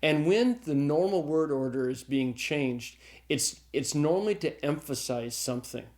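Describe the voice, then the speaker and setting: Male Greek teacher, middle-aged; relaxed recorded lecture, light chuckles. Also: on the high side, measured pace. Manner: relaxed, chuckles often, checks in with "okay?".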